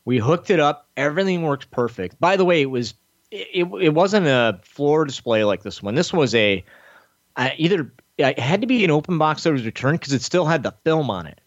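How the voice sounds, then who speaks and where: A man's voice: fairly quick, no room sound, highs cut off. A man in casual chat, telling a long story with lots of swearing and acting out other people's lines. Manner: profane, animated storytelling, acting out others' lines with big pitch jumps. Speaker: podcast host telling a story.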